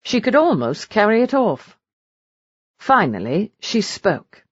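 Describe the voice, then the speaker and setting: A woman narrating a romance audiobook in a measured storytelling manner. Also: medium pitch, sing-song, husky, dry recording, highs cut off.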